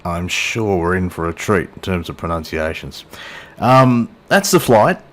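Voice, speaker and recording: A man's voice: low voice, expressive, unhurried, a bit bright. Jokey middle-aged man narrating a flight sim. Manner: chatty, jokey, self-deprecating, talks to a silent co-pilot. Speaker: flight sim video host. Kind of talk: casual gameplay commentary.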